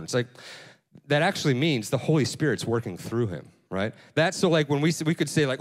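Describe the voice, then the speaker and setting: A man's voice: medium pitch, expressive, brisk. A male pastor giving a casual, conversational sermon, often repeating words and asking "right?". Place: church hall. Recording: long church hall reverb.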